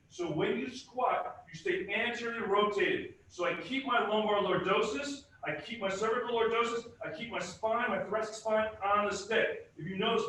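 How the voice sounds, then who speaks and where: A man teaches a live fitness workshop, voice pitched a little high. He drives his points home emphatically and throws rhetorical questions at the audience. The sound is roomy and echoey. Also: a bit bright, a little hiss or hum. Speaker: presenter at a fitness conference.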